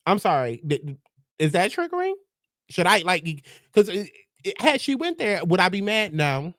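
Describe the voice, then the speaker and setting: A man's voice: sits high, wildly swooping pitch, moderate pace, a bit bright, dry recording, clean studio sound. Sassy, profane male commentator. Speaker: host. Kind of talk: pop culture commentary.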